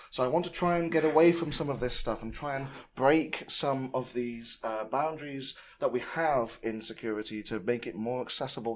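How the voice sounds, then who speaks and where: A man's voice: medium pitch, a little hiss or hum. A man giving a conference talk, casual and rambling, full of fillers and tag questions. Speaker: conference speaker. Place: conference room.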